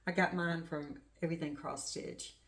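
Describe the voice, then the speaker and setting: A middle-aged woman runs a craft channel, and her deep voice stays steady at a moderate pace. She chats casually and rambles in show-and-tell fashion, gushing over small details of her stitching projects.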